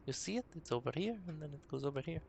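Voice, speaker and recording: A man's voice: on the high side, gravelly, a little mellow, breathy edge, no echo, lo-fi sound. A man streaming live as dungeon master, rambling and talking to himself while he waits for viewers. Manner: rambling, talks to himself between pauses. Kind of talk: casual live-stream chatter.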